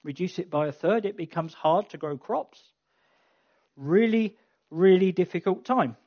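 A preacher delivers a sermon in a chatty, wry way, turning emphatic and passionate at key points. The voice sits at a middling pitch. The recording sounds somewhat dull and lo-fi. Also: lively intonation, unhurried. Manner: conversational, wry asides, rising to emphatic passion. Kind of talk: sermon with closing prayer.

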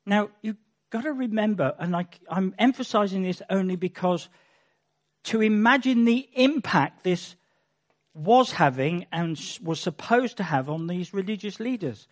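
High-voiced man teaching scripture. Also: animated, unhurried. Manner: emphatic, with wry asides and chuckles. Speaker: Bible teacher. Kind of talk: conversational sermon.

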